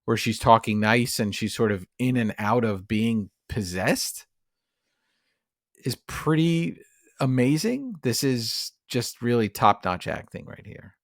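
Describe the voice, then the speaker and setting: A man's voice: medium pitch, lively intonation, slow, dry recording, clean studio sound. A man co-hosting a podcast, chatting casually and enthusiastically about a movie. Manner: enthusiastic, rambling with fillers. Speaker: podcast co-host. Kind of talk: casual film discussion.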